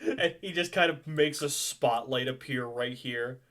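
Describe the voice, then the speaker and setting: A man's voice: mid-range voice, unhurried, pushed and bright. A young man running a tabletop game as game master, chatty and loose, laughing and swearing casually.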